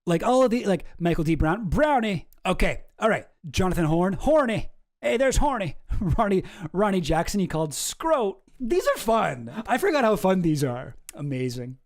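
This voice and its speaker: Rambling high-voiced man, casual commentary. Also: sing-song, moderate pace. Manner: rambling, profane, self-interrupting. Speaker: channel host.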